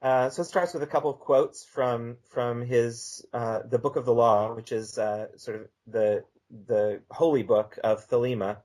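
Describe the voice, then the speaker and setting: Casting: man, mid-pitched, calm and measured interview guest. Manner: measured, reads a text aloud slowly. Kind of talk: conversational podcast interview.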